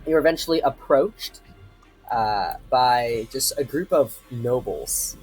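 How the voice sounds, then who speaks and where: Husky, animated game master. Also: male voice, mid-range voice, slow, soft background music, rough recording. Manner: casual, hesitant, full of fillers. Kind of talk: narrating a tabletop game.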